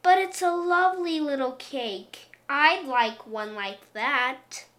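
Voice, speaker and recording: Storybook golden-haired little girl, coaxing and wheedling, bright and high, woman reading. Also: slow pace, heavily acted. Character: sweet, greedy little girl with golden hair.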